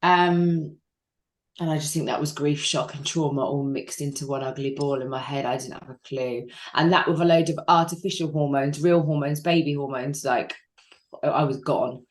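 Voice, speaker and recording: A woman in her thirties speaks candidly as an interview guest, her voice sitting a little low. She is raw and frank, mixing dry humour with moments where she breaks into tears. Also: fairly even intonation, normal speed. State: crying at times. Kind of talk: candid personal storytelling.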